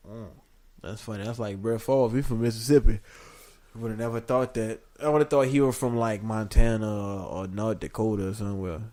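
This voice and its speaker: A man co-hosting a casual podcast, talking in an animated, rambling way and laughing often. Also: fairly low pitch, fairly quick. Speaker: podcast co-host. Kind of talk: casual chat.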